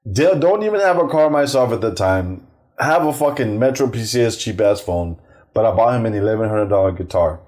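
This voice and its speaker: A middle-aged male comedian telling profane, animated family stories, acting out the voices of the people in them. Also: on the low side, brisk. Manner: animated, acts out quoted voices, swears freely. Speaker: stand-up comedian, guest. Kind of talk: profane anecdotal storytelling.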